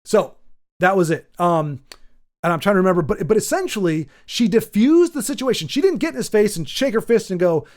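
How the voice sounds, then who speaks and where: High-voiced man rambling off the cuff. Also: expressive, fairly quick, a little mellow. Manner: rambling, full of restarts and fillers. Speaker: channel host. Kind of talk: off-the-cuff commentary rant.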